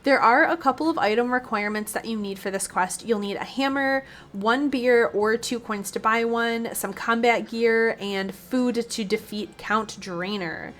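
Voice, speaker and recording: A woman's voice: a little high, measured pace, few pauses, fairly bright tone. Playful woman narrating a game walkthrough. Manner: playful, chatty, sarcastic asides. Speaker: gaming video host.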